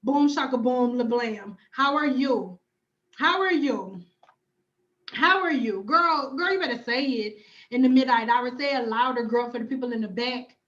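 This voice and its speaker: Sassy black-lady on a hair stream, high voice, kinda dull lo-fi sound, cussing and repeating herself. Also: moderate pace, fairly bright tone. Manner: sassy, emphatic, profane, repeats catchphrases. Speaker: hair stylist and cosmetologist vlogger. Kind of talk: livestream chat reading viewer comments. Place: home.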